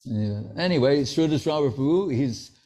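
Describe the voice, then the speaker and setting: In an expressive mid-range voice with a dark tone, spoken at normal speed, a spiritual teacher preaches an anecdotal sermon. He relates stories and plays out the conversations of the people in them.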